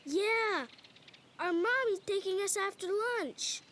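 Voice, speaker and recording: A woman's voice: very high voice, slow pace, very noisy. An actress voicing a chatty little cartoon boy, one of a pair of twins. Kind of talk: cartoon voice acting.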